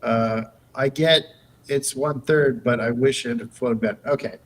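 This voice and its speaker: Slow-talking joking male streamer. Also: medium pitch, rough recording. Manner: loose, joking, reads chat aloud while clicking around. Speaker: streamer and host. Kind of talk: casual live-stream chat.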